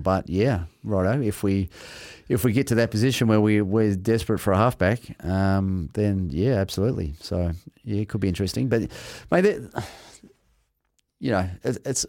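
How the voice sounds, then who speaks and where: A man's voice: fairly low pitch, moderate pace, a little mellow, no room sound, clean studio sound. A man talking rugby in a casual chat, giving blunt, emphatic opinions. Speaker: rugby pundit.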